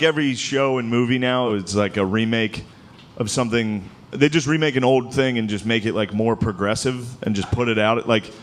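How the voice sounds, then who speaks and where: Stand-up comic, man, loose rambling delivery, animated pitch, live-show recording with crowd noise. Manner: loose, rambling delivery with many filler likes. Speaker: stand-up comedian. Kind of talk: stand-up comedy set. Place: live venue before a laughing audience. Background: audience laughter.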